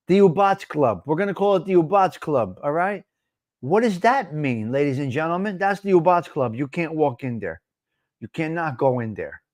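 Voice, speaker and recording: Animated, laughing New man. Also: on the high side, dry recording. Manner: laughing, animated, talks back to chat. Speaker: live stream host. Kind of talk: casual chat with live chat viewers.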